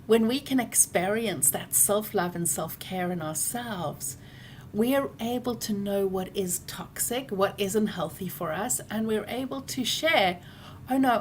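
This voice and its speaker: A woman coaching viewers directly, speaking earnestly and gently, often trailing off softly at the ends of phrases. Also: medium pitch, slight background noise. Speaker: program coach.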